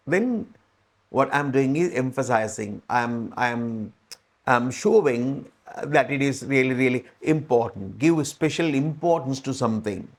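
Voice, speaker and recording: A man's voice: mid-range voice, a little slow. Patient Sri Lankan man teaching English. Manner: patient, repeats phrases and checks understanding. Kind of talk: spoken English lesson.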